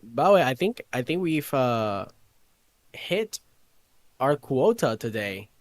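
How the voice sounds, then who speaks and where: A man's voice: medium pitch, big pitch swings, slow, dry recording, clean studio sound. A man co-hosting a casual podcast, playful and jokey as he chats with his co-host.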